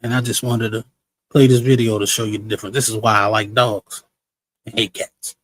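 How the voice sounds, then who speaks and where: A man hosting a live-stream review show, talking in a relaxed, slangy, chatty way. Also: lowish voice, brisk, low-quality recording. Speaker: livestream show host. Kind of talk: casual live-stream commentary.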